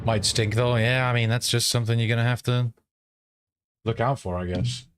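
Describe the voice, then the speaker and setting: A man's voice: mid-range voice, moderate pace, a little hiss or hum. A British man streaming a game, chatting casually with viewers, swearing freely and humming to himself. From Britain. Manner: chatty, profane, hums to himself. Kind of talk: casual gameplay stream chat.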